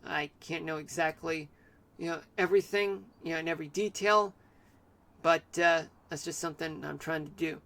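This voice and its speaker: High-voiced man giving a halting weather report. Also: fairly even intonation, gravelly, pushed and bright. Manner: halting, full of fillers and restarts. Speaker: streamer. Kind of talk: amateur weather forecast.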